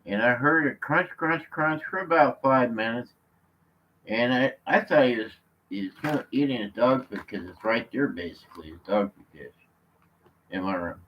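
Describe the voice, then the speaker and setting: A man from California on a live vlog, chatting from his chair at home in a slow, rambling way, full of fillers and restarts. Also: mid-range voice, lively intonation, slight background noise. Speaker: vlogger. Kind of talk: rambling live-stream chat. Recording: slightly muffled lo-fi audio.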